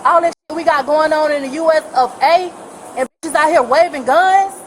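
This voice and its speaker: Angry high-voiced woman complainant, rapid-fire, profane, caught on noisy bodycam audio. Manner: heated, profane, talks over others. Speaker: complainant speaking to police. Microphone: police body camera. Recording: noisy body camera audio.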